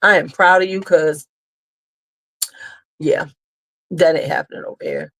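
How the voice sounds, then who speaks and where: A woman's voice: low voice, very animated, a little slow, a bit bright. A woman hosting a casual livestream, talking bluntly with some cursing and answering viewers' comments as they come in. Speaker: beauty channel host.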